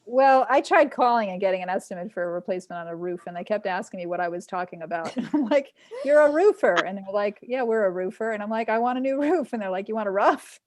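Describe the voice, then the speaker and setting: A woman's voice: medium pitch, fast, few pauses. A woman from Long Island in a casual group chat, telling stories and acting out the quotes. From Long Island, New York. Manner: animated storyteller acting out quotes.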